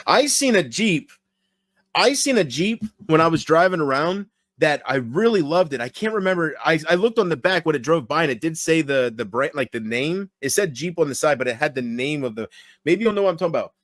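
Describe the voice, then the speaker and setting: A man's voice: on the high side, expressive, a little fast, fairly bright tone, no echo, studio quality. A man streaming late at night, reading chat and rambling crudely with lots of swearing. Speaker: livestreamer.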